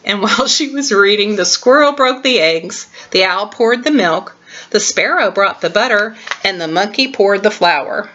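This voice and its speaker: An older woman at home reading a children's storybook aloud to her grandchild, warm and expressive, recorded on a webcam. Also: mid-range voice, moderate pace, lo-fi sound.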